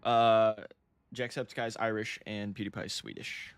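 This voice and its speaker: A man's voice: fairly low pitch, little pitch movement, measured pace, clean tone, dry recording. A young man from the United States, chatting casually while streaming a game, laid-back and swearing freely. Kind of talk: casual livestream chat while gaming.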